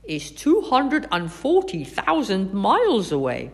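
A woman's voice: mid-range voice, wildly swooping pitch, takes it slowly, exaggerated voice. A woman voicing a know-it-all male scientist who speaks in a matter-of-fact, lecturing way.

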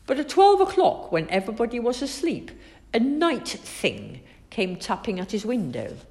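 A woman reading a children's story aloud in an expressive, sing-song way. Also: a little high, moderate pace.

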